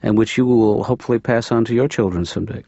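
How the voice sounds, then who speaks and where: A man voicing a soft-spoken deadpan therapist. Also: mid-range voice, fast, no echo, lightly acted. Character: mild-mannered middle-aged male therapist. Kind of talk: animated sitcom voice acting. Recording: dull lo-fi sound, dry.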